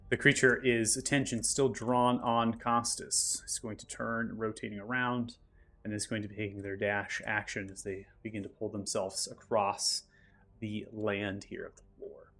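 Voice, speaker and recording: A man acting as game master, calmly narrating the action and explaining rules step by step. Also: fairly low pitch, measured pace. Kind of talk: narrating and ruling a tabletop game.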